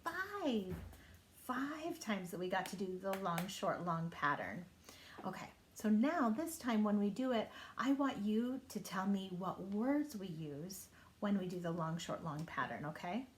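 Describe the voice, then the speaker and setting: Gentle woman leading children's singing time. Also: medium pitch, lively intonation, moderate pace, roomy sound, a little hiss or hum. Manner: gentle, encouraging teacher talk to children. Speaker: primary singing time leader.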